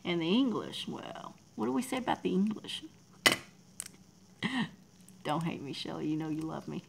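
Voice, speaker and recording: Gravelly-voiced Texan woman chatting. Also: fairly low pitch, expressive, measured pace, background noise. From Texas. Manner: rambling and chatty, laughs often, reads chat aloud. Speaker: livestream artist. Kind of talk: casual chat with viewers.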